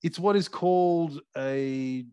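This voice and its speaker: A man's voice: fairly high pitch, takes it slowly, dark tone, smooth, no echo, lo-fi sound. A man co-hosting a casual podcast, telling self-deprecating stories and dad jokes. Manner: rambling, self-deprecating storyteller. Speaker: podcast co-host. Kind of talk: casual chat.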